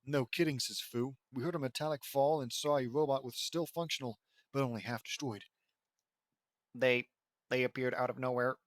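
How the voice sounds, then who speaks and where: Here a man gives a mocking dramatic reading of a fan fiction story, his mid-range voice steady and his speed normal, with no room sound. He fumbles lines, cracks up at the text, and cuts in with sarcastic asides.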